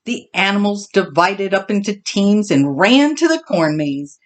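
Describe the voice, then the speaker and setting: Lady reading a kids bedtime story, lively ups and downs, takes her time. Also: medium pitch. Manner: expressive, slow, animated. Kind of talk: storybook read-aloud.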